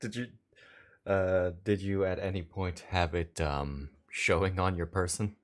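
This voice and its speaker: A man's voice: deep voice, steady tone, measured pace. A man running a tabletop role-playing game with a wry, teasing manner. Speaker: dungeon master.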